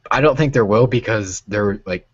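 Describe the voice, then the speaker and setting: A man's voice: fairly low pitch, normal speed, breathy edge, dry recording, highs cut off. An American man in his twenties hosting a casual chat, rambling and profane with many fillers. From United States. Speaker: host.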